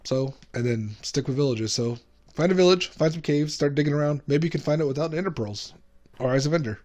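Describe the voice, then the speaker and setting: A man's voice: fairly high pitch, brisk. A man hosting his own gaming channel, talking casually over gameplay, chatty and self-mocking with frequent laughs. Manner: lively sing-song show intros.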